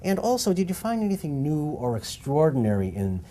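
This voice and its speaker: A man's voice: on the high side, sing-song, brisk, warm tone, a little hiss or hum. A male interview host asking long, winding questions with a few fillers.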